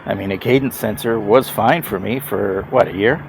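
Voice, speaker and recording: A man's voice: lowish voice, normal speed, gravelly, a little hiss or hum. A man over fifty rambling casually to camera, chuckling often and restarting his sentences with emphatic repeats. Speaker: e-bike rider vlogger.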